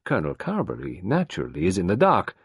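A man voicing a courteous, fussy older male detective who speaks in a polite, measured, formal way. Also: deep voice, huge pitch swings, creaky, breathy edge, no room sound, clean studio sound, heavily acted. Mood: probing.

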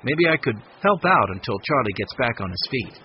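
A man reading an audiobook, voicing a friendly, smooth-talking fisherman. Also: mid-range voice, big pitch swings, moderate pace, dull audio, slight background noise, lightly acted.

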